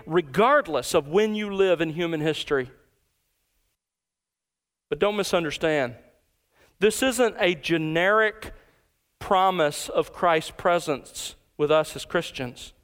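A pastor preaching an emphatic expository sermon, slowing down to stress key words. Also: male voice, on the high side, animated, a bit bright.

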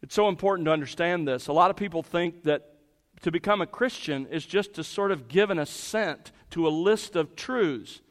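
A man's voice: on the high side, moderate pace. A man preaching an expository sermon as pastor, emphatic and repeating key phrases for stress. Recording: long hall reverb.

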